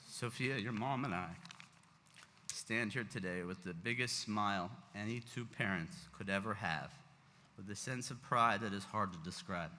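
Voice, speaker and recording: A man speaks as a proud father at a ceremony, emotional and close to tears. His voice sits a little low but rings bright and forceful. It carries a long reverb from a large sanctuary with faint noise behind. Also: moderate pace. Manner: emotional, heartfelt, fighting back tears. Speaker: father of the bat mitzvah girl. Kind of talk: parent's speech read at a ceremony.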